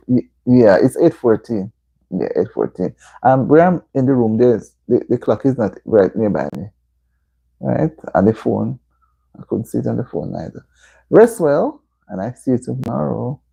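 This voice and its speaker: A Jamaican woman chats on her home livestream, greeting viewers and giving them motherly advice. Her pitch swings widely and her voice sounds mellow and warm. The audio is slightly dull and lo-fi. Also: vocal fry, breathy edge. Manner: chatty, reads and answers viewer comments, motherly advice. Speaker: livestream host. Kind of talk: casual live-stream chat. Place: indoor room at home.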